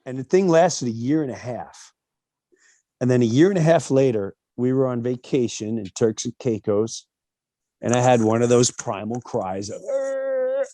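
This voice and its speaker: Middle-aged man, warm tone, candid storyteller, emphatic, mimics others, close dry sound. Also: mid-range voice, moderate pace, no room sound. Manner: animated, acts out quoted voices, emphatic asides. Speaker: speaker telling a personal story.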